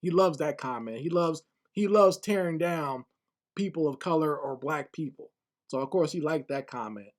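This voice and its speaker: A man's voice: on the high side, normal speed. A man giving casual spoken commentary online, blunt and scornful, often repeating words as he gathers his thoughts.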